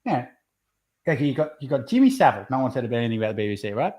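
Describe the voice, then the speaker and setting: A man's voice: medium pitch, big pitch swings, very fast, darkish tone. A man co-hosting a casual podcast chat over a beer, heated and ranting, swearing often. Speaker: podcast co-host.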